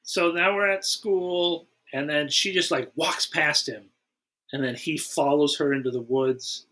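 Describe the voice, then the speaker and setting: A man's voice: fairly high pitch, unhurried, pushed and bright. A man hosting a casual movie podcast, fondly retelling scenes in a rambling way. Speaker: podcast host. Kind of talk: casual film chat.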